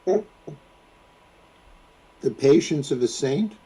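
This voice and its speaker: A man's voice: on the high side, lively intonation, drawn-out words, mellow, husky, poor audio. A man co-hosting a casual livestream, making wry jokes and reading chat comments. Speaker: co-host.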